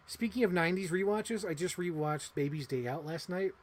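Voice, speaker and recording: A man in his thirties hosting a casual livestream, rambling excitedly and swearing casually. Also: on the high side, brisk. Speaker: livestream host.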